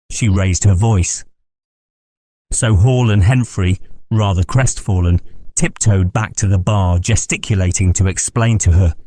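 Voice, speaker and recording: A man narrating an audiobook in a measured, steady reading. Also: low voice, dry recording.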